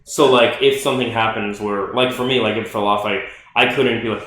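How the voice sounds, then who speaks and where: A man's voice: medium pitch, fast talker, a bit bright. A young man co-hosting a podcast, chatting loosely and joking, with many filler likes. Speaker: podcast co-host. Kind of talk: casual chat. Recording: very echoey room.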